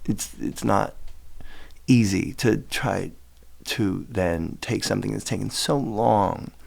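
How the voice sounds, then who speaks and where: A man's voice: on the low side, slow, vocal fry, husky. A man in his forties, a guest on a chat show, ranting casually and profanely about his work. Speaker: guest, skateboarder and board designer.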